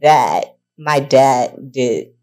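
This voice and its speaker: A woman's voice: extremely low pitch, lively intonation, very slow, a little mellow. A woman co-hosting a podcast in casual chat, moved and sometimes choked up as she talks. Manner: emotional, chokes up while speaking. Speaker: podcast co-host.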